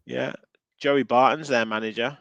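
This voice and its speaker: A man's voice: medium pitch, fairly even intonation, normal speed, creaky, fairly bright tone, dry recording, dull audio. A man with a Midlands accent hosting a casual football podcast, chatting and reading out viewer comments with plenty of ums. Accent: English Midlands. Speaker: podcast host.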